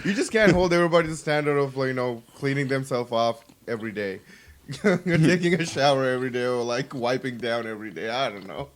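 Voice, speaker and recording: A man's voice: medium pitch, brisk. A man co-hosting a podcast in easygoing casual chat, laughing often. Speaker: podcast co-host.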